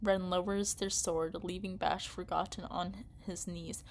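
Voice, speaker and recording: A young woman reading an interactive story game aloud and reacting to it excitably, often yelling and laughing. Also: lowish voice, unhurried, a little hiss or hum. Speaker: game streamer.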